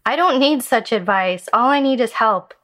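A woman's voice: on the high side, lively intonation, moderate pace, a bit bright, voice pushed up. Woman voicing a brave little parrot. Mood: determined.

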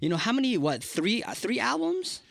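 Relaxed male interviewer, dry sound. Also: extremely high pitch, moderate pace, creaky, dry recording. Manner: relaxed, encouraging, uses slang. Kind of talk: casual interview chat.

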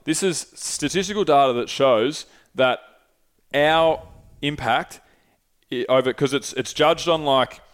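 A man's voice: fairly high pitch, measured pace, clear, resonant tone. A man with an Australian accent hosting a podcast, talking in a loose, rambling way, swearing freely and often losing his thread. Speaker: podcast host. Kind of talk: casual chat.

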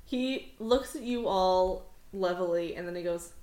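A woman serves as game master for a tabletop game, narrating scenes vividly in a casual, laid-back way and laughing easily. Her voice is fairly low and warm, a little slow, and the recording has a roomy echo with faint music.

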